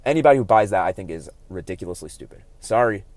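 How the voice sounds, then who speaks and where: A man hosting his own sports podcast, talking solo and growing heated and animated as he argues his opinions. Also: on the low side, fast, dry recording.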